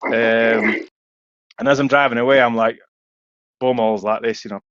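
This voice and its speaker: A man's voice: mid-range voice, normal speed, smooth, no echo, lo-fi sound. Yorkshire man telling a swearing-laced story. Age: young adult. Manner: swears freely, lively anecdotes. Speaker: podcast co-host. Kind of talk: casual storytelling chat.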